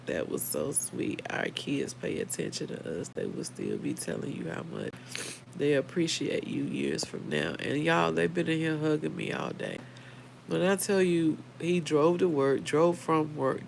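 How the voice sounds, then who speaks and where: A woman's voice: sits low, creaky, darkish tone, a little hiss or hum, poor audio. A middle-aged woman, hosting a casual livestream, heartfelt and emotional, talking straight to her viewers by name. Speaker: livestream host.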